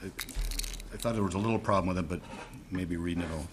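A man reading amendment text aloud carefully and deliberately at a committee hearing. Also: deep voice, steady tone, slight background noise.

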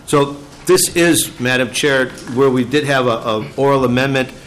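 A man's voice: mid-range voice, fairly bright tone, slight background noise, rough recording. Man testifying at a committee hearing. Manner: explanatory, halting with restarts. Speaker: state agency official testifying. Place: legislative hearing room.

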